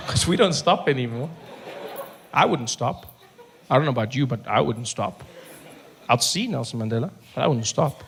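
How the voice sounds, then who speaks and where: A man's voice: mid-range voice, normal speed, creaky, pauses often, slight background noise. A man with a South African accent doing stand-up comedy on stage, telling stories and acting out voices. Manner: animated, acts out voices.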